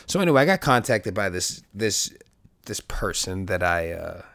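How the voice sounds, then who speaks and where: A man's voice: low-pitched, moderate pace, creaky, dry recording. Profane man ranting on a podcast. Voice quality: profane, rambling, animated when quoting others. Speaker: podcast host. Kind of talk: casual monologue.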